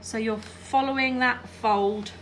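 A woman's voice: on the high side, fairly even intonation, takes it slowly, fairly bright tone, a little hiss or hum. A woman giving a chatty hands-on quilting tutorial while she irons and sews, often checking in with her viewers. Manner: chatty, checks in with "all right?". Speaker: quilting teacher.

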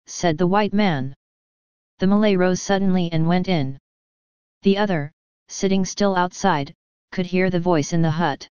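A woman reading an audiobook story in a slow, measured narration. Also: on the low side, a little mellow, clean tone, no echo, muffled recording. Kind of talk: scripted narration.

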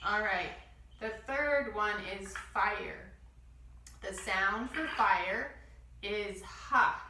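A woman guiding a children's yoga class, giving gentle step-by-step instructions and demonstrating breath sounds. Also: mid-range voice, very slow, roomy sound, distant mic, noisy background. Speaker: kids yoga teacher.

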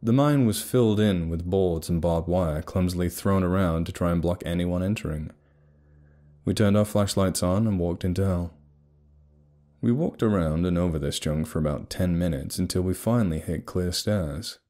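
A young adult man narrating a horror story in a steady, measured way. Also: low-pitched. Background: faint music.

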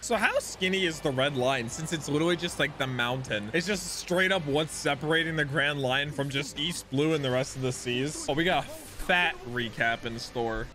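A young man hosting a casual anime reaction video, excitable and exclaiming, swinging between hype and dismay. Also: on the high side, moderate pace.

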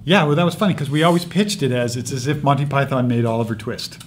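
Animated male film director in interview. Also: mid-range voice, fast, slight background noise. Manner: animated storyteller, laughs while recounting. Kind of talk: casual interview talk.

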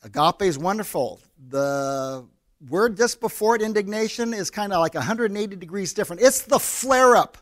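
A man's voice: high voice, expressive, brisk. A man with an American accent, a pastor preaching a sermon in a conversational way and acting out little scenes in quoted voices.

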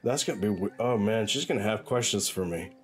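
A man's voice: lowish voice, brisk, soft background music. A man livestreaming from his bedroom, chatting loosely and rambling, often breaking into laughs. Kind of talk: loose casual chat while gaming. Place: own bedroom.

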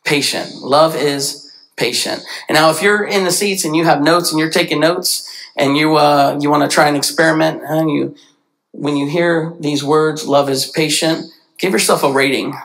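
A man preaching a sermon in a church, animated, often jumping into quoted voices. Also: normal speed, creaky, low-quality recording. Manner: animated, acts out quoted voices with big pitch jumps. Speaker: pastor. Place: church sanctuary.

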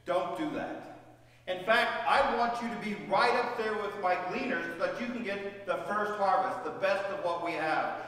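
A man's voice: sits high, sing-song, a little slow, slight background noise. A man preaching, voicing a generous middle-aged landowner who makes emphatic, reassuring promises. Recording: echoey church hall, voice from far off.

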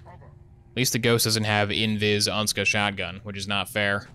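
Bright-voiced man riffing over gameplay. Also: on the low side, flat delivery, normal speed, a little hiss or hum. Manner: sarcastic, rambling, jokey asides. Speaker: gaming streamer. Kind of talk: casual live gameplay commentary.

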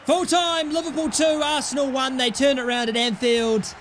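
A young man commentating his own football video game, cheering loudly at goals and swearing at his players. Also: extremely high pitch, little pitch movement, moderate pace, slight background noise. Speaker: gaming YouTuber. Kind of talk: excited gameplay commentary.

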